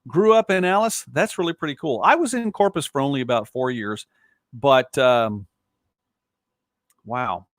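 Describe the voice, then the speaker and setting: Chatty Southern host, dry close sound. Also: male voice, medium pitch, a little slow, long pauses, no echo. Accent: Southern US, softened. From born in Texas. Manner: chatty, rambling, reacts to viewer comments. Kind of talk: casual live-stream talk show. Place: home studio.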